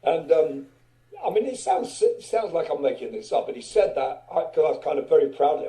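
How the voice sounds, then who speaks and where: A man's voice: fairly high pitch, expressive, brisk, warm tone. A man in his seventies, a guest singer telling a story in a rambling way, full of fillers. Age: 70s. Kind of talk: casual storytelling. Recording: echoey room.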